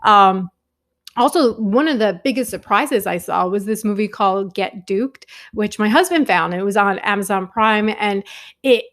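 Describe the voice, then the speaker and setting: A woman's voice: medium pitch, moderate pace, fairly bright tone. Woman film vlogger, young adult, casual enthusiastic chatter with fillers. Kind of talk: casual movie review talk.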